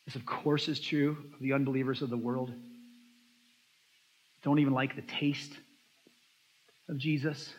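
A man's voice: mid-range voice, a little slow, long pauses. A man preaching a sermon as a pastor, telling stories and acting out the voices of the people in them. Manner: animated storytelling, acts out quoted voices. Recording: dull lo-fi sound in a long-echo hall.

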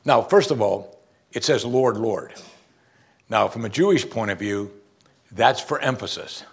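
A man's voice: a little slow, husky. A man preaching a sermon, asking rhetorical questions and reading scripture aloud. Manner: animated, rhetorical questions, rises in pitch for emphasis.

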